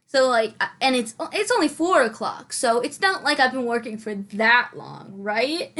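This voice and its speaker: A woman's voice: on the high side, fairly bright tone. A young woman hosting her channel, rambling scatterbrained and self-mocking in a casual voice-over as she builds in a game, recorded on a headset mic. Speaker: channel host. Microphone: headphones with mic.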